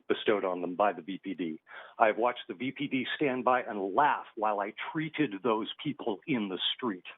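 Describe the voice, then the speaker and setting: A man calling in to a council meeting, giving blunt, emotional public comment full of rhetorical questions. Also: fairly low pitch. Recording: tinny phone line.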